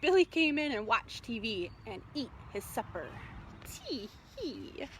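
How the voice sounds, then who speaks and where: A woman leads a storytime for small children, her fairly high voice swooping up and down as she sings and reads. She coaxes and cheers in a sing-song way. Soft outdoor ambience sits faintly behind her phone recording. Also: big pitch swings, measured pace, noisy background. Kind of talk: live storytime with songs and picture-book reading. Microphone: phone on a small table.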